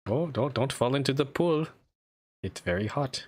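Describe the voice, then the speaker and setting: A man's voice: medium pitch, lively intonation, normal speed, breathy edge, voice pushed up. A man doing a playful, exaggerated mock German accent as a cheery male tourist who keeps repeating "yeah".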